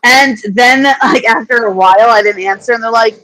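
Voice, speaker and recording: A woman's voice: fairly high pitch, normal speed, a bit bright, rough recording. A woman hosting a casual livestream chat, telling rambling anecdotes full of fillers and restarts. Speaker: host.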